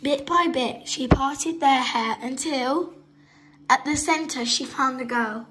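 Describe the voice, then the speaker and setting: A woman reads a children's picture book aloud, expressive and unhurried at the pauses. Her voice is high. A faint background noise runs under it. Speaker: storybook reader.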